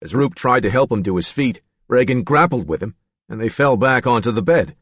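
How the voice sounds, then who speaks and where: A man narrating a true-crime audiobook in a measured storytelling manner. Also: medium pitch, expressive, fairly bright tone, slightly rough, no room sound. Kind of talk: scripted narration.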